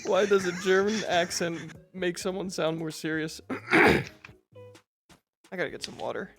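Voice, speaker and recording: A man's voice: high voice, normal speed, gravelly, fairly bright tone, faint music behind. A laid-back man in casual podcast banter who laughs a lot and swears.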